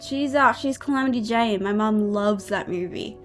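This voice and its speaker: A woman's voice: mid-range voice, normal speed, soft background music. Woman thinking aloud over a game. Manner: thinks aloud, chatty and amused. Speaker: game streamer. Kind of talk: let's-play commentary, reading game letters aloud.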